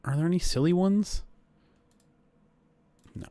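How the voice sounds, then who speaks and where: A man hosting a livestream, casually calling a simulated football game and chatting with viewers, breaking into loud excited outbursts. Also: sits high, measured pace, no echo. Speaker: livestream host. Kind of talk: casual play-by-play and chat.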